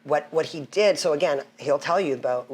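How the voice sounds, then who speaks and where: Low-voiced, animated woman in her fifties. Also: fairly quick, breathy edge. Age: 50s. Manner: animated storyteller who acts out quoted voices. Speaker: podcast guest. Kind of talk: casual chat.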